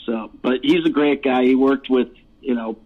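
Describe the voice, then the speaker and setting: A man's voice: medium pitch, fairly even intonation, moderate pace. Man on a tinny phone line. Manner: rambling, laughs often, swears casually. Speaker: rock vocalist guest. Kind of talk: casual storytelling interview.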